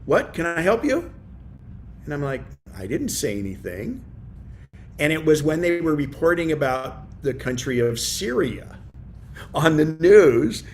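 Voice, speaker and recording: A man teaching a relaxed tech class over a video call, with a middling voice that wanders through fillers and restarts. A faint low rumble sits under his speech. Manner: rambling, lots of fillers and restarts. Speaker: class presenter.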